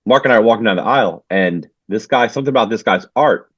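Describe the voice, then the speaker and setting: A man's voice: lowish voice, fast talker, husky, dry recording. A man co-hosting a comics podcast in casual conversation, talking with hesitant restarts. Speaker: podcast co-host. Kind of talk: casual chat. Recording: dull lo-fi mic.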